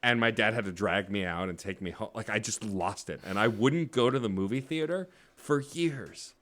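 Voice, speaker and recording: A man in his thirties, co-hosting a casual podcast chat and telling stories in an animated way with lots of filler words. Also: lowish voice, moderate pace. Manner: animated storyteller, many filler "like"s. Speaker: podcast co-host.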